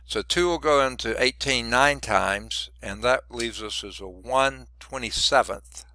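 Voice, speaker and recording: A man who is losing his voice teaches a math lesson, working through each step out loud with muttered asides. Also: medium pitch, measured pace. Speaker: math instructor. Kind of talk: recorded lecture working through problems.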